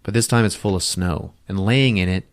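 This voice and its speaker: A man hosting a podcast, recapping a film plot in a casual, profane, animated storytelling way on a close mic. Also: low voice, fairly quick, smooth. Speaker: podcast host.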